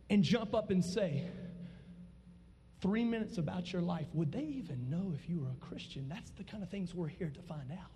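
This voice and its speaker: A young man, preaching a testimony sermon and swinging from loud shouts to hushed low tones. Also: breathy edge. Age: 20s. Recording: long reverb of a large hall.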